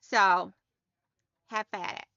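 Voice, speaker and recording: A woman's voice: mid-range voice, steady tone, takes it slowly, vocal fry, pushed and bright, no room sound, highs cut off. A woman hosting a sewing livestream, chatting casually and greeting her viewers one by one by name.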